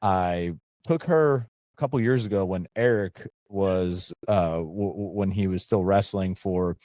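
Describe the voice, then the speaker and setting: A man's voice: deep voice, a little slow, mellow, no room sound. A man hosting a podcast, chatting casually and rambling through a long story with lots of restarts. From Pennsylvania. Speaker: podcast host.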